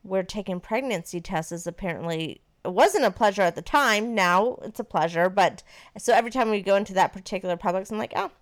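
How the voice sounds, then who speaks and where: A woman in her thirties casually telling a personal story to her partner, animated and swearing freely. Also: mid-range voice, brisk.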